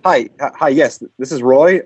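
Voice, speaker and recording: A man's voice: medium pitch, normal speed, slightly rough. A man prank-calling as a call center manager, falsely polite and stammering, then insulting. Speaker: prank caller posing as a manager.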